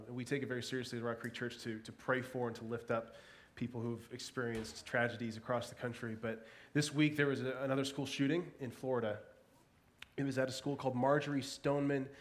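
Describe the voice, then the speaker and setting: A man in his thirties, a pastor with a cold who sounds congested, giving an earnest sermon and a quiet spoken prayer with hesitant restarts. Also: medium pitch. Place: church service.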